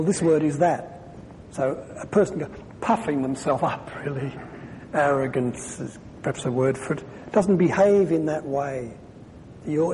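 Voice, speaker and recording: A man gives a chatty sermon, explaining scripture as he thinks it through and often restarting his sentences. His voice sits a little high for a man and sounds mellow and dark. The hall has a long echo and a faint rumble underneath. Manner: conversational, thinks aloud with restarts. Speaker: preacher.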